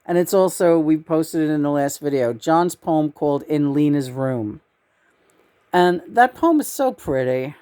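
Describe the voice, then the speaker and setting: A woman with a low voice rambles through a casual vlog. She is blunt and swears freely as she talks straight to her viewers. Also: animated, a little slow, dark tone, smooth. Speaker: vlogger. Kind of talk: casual spiritual vlog chat.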